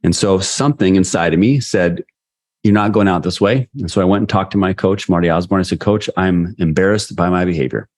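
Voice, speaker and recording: A man's voice: low voice, brisk. A middle-aged man, a sales leader and coach, telling a personal story as a guest in a podcast interview and acting out the voices of the people in it. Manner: animated storyteller who acts out quoted voices.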